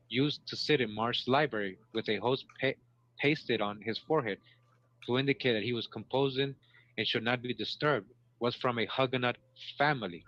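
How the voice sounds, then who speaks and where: The host is a man whose mid-range voice has a fairly bright tone. He reads passages and cuts in with remarks, frequently repeating words and checking in with listeners, all captured in dull lo-fi sound.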